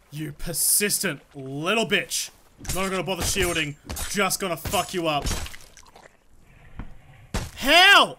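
Bright, high, swearing young gamer man. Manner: excitable, swears constantly, talks to the game's creatures. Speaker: let's play host. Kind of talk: live gameplay commentary.

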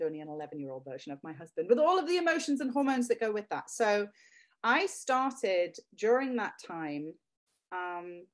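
A woman in her thirties, a guest speaking heartfelt and close to tears about her children. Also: medium pitch. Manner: heartfelt, near tears at times. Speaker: guest, product creator. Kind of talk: emotional interview.

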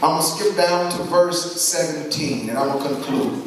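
A man preaching a church sermon, reading scripture aloud and calling on the congregation to answer back. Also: on the high side. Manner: call-and-response, drawn-out emphatic reading. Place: church sanctuary. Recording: very echoey church, mic at a distance.

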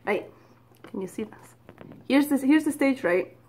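A woman's voice: high-pitched, animated, measured pace, darkish tone. A woman talks straight to her viewers in a casual storytelling vlog. She is chatty and unguarded, swears freely and laughs at herself along the way. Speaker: vlogger.

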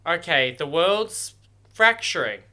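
A man reacting out loud on a first watch, with a bright, forceful, slightly high voice. He talks straight at the screen, excitable, and curses freely. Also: slow. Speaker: reaction video host.

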